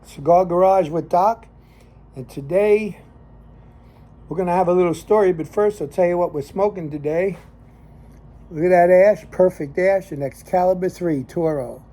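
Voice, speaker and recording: A man's voice: high-pitched, moderate pace, mellow. Rambling older man with a Jersey accent. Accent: Northern New Jersey. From New Jersey. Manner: rambling, folksy, with frequent fillers and restarts. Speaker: cigar show host and lay minister. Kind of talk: casual storytelling monologue.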